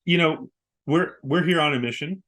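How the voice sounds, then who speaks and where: A man's voice: on the high side, moderate pace, fairly bright tone. A man co-hosting a casual show, joking and enthusiastic as he chats with his wife. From Southern California. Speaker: co-host. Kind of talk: casual podcast chat.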